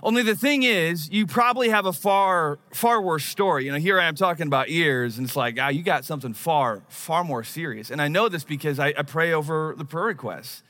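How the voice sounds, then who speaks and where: A man's voice: on the high side, brisk, hardly any pauses, sharp tone. A man in his thirties preaching a sermon, telling a personal story in a conversational, self-deprecating way. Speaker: pastor.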